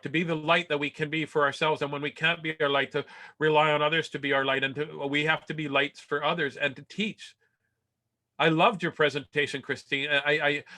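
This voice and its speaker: Bright-voiced man telling a story. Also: fairly high pitch. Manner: animated, self-deprecating storyteller who acts out quotes; turns soft and earnest in emotional passages. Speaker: keynote speaker. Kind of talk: motivational storytelling talk.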